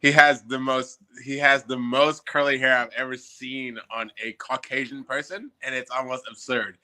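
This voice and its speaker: Bright, laid-back young-sounding guy. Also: medium pitch, brisk, hardly any pauses. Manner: laid-back, laughs often, slangy. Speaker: guest. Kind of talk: casual chat.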